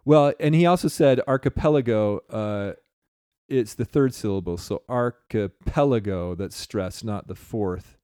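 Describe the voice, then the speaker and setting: A man's voice: lowish voice, measured pace, dark tone, no echo, clean studio sound. A man co-hosting a podcast in casual chat, rambling and reading listener comments aloud. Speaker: podcast co-host.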